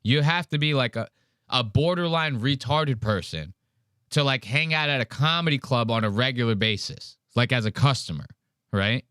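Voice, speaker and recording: Guy ranting on his podcast, swears a ton, mid pitch, super dry close mic. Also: normal speed, smooth, no echo. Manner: profane, ranting, animated. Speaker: podcast host. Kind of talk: casual podcast chat.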